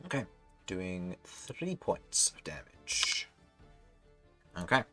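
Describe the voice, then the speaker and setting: A man's voice: deep voice, sing-song, slow, pushed and bright, soft background music. A man narrating as dungeon master, businesslike and steadily prompting the players for their rolls. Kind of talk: narrating a tabletop game.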